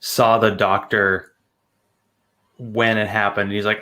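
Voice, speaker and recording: A man's voice: fairly low pitch, little pitch movement, a little slow, long pauses, bright, forceful tone. A man talking as a podcast guest, telling chatty stories with a sarcastic edge. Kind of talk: casual chat.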